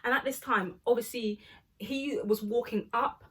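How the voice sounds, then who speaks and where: This is a young woman telling a storytime tale. Her voice is a little husky, sits a touch high, and she acts out everyone she quotes. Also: unhurried. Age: young adult. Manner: animated, acts out quoted people. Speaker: storytime vlogger. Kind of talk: casual storytime.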